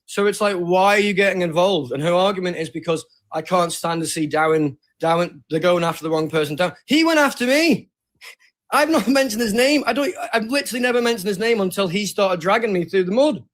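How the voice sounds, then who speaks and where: A man's voice: sits high, brisk, a bit bright, low-quality recording. Heated man defending himself. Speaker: livestream participant. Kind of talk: casual group call.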